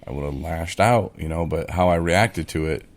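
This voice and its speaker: Male co-host, low and gravelly, loose chatty delivery that leans into quoted back-and-forth. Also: normal speed. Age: adult in recovery, speaking of early sobriety. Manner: conversational, with many fillers, acts out his own quoted replies. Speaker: podcast co-host. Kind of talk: casual chat.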